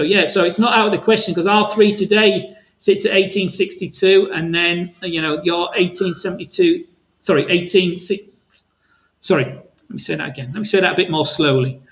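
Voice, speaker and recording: A man's voice: high voice, fairly quick, a bit bright, rough recording. A man hosting a live trading Q&A webinar, chatty and rambling, calling viewers "my friend", his voice a little worn. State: voice tiring.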